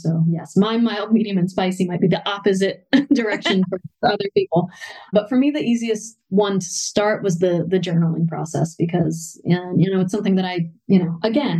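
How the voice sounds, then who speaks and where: A woman's voice: fairly low pitch, dark tone, low-quality recording. A woman in her thirties, a parent and podcast guest, speaking reflectively in a candid interview, often saying "you know.".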